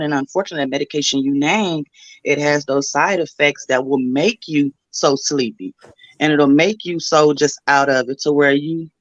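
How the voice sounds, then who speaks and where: Middle-aged woman caller, low voice, motherly and encouraging, dry close sound. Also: dry recording, muffled recording. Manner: motherly and encouraging, with pet names. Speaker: caller giving advice. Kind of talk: supportive call-in chat.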